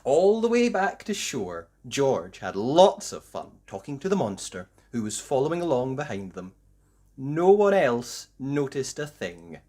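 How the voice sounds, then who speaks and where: A man reading a children's picture book aloud, narrating slowly and expressively for young listeners. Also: mid-range voice. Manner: slow, expressive storytelling. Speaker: storybook reader.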